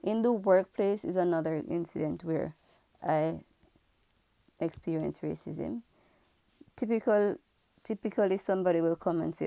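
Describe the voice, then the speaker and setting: A woman's voice: lowish voice, normal speed, gravelly, long pauses, dark tone, dry recording. A woman from Jamaica who works as a pharmacist, telling her own story to camera in a frank, earnest, reflective way. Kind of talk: candid personal storytelling to camera.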